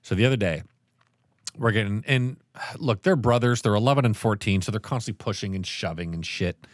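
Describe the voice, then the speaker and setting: A man in his thirties with a lowish voice talks a little fast, co-hosting a podcast in a dry, studio-quality recording. He tells family stories in casual, animated chat and swears often.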